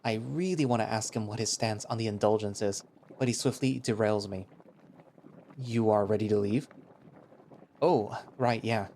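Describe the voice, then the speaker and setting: A man's voice: lowish voice, moderate pace, gravelly, darkish tone, slight background noise. A man narrating a visual novel in the first person, in a casual, chatty way that turns hesitant in dialogue.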